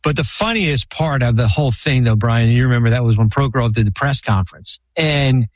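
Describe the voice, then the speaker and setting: On a podcast, a former basketball executive swaps casual stories at length, wandering, starting over and leaning on fillers as talk-show guests do. His voice sits at medium pitch and moves fairly quickly, with no echo.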